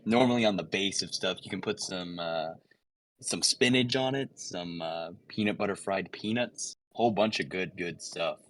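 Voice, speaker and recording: A man's voice: low-pitched, moderate pace, a bit bright. A young man playing a tabletop role-playing game, rambling and bluffing in character. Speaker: player.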